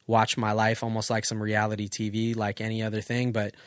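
A man's voice: on the low side, completely flat delivery, fairly quick, dry recording, studio quality. A man in his thirties, a photographer, chatting casually and reflectively on a podcast, loose and full of profanity. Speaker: guest photographer.

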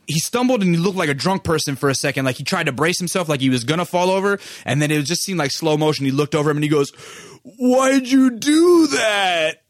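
A man's voice: a little high, very fast, hardly any pauses, no echo, clean studio sound. Profane casual podcast host, man. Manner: loose and profane, with many fillers. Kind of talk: casual storytelling monologue.

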